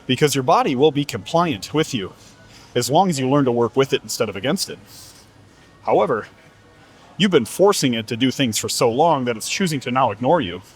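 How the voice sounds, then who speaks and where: A man's voice: medium pitch, lively intonation, brisk, husky, faint music behind. A man coaching about fitness in a blunt, profane, lecturing monologue. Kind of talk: motivational monologue.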